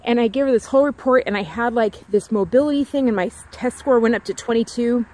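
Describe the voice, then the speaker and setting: A woman's voice: a little high, fast, darkish tone. A woman vlogger in a casual, rambling chat, talking outdoors near her home and repeating herself with lots of "like"s.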